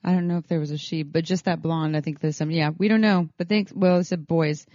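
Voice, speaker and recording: Podcast co-host, woman, low mellow voice, halting with fillers, dry lo-fi recording. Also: steady tone, dry recording. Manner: halting, many fillers and restarts. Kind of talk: casual podcast chat. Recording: dry, dull lo-fi sound.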